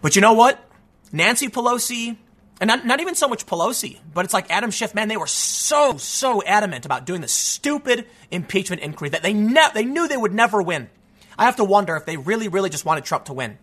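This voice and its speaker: Guy ranting about politics on his channel, frustrated, keeps restarting, high bright voice. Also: sing-song, a little fast. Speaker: political commentary host. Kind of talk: solo political commentary.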